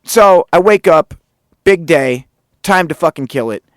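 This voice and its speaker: A man hosting a podcast, telling a story in a casual, animated, profane and sarcastic way. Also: a little high, unhurried, no room sound, studio quality. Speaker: podcast host.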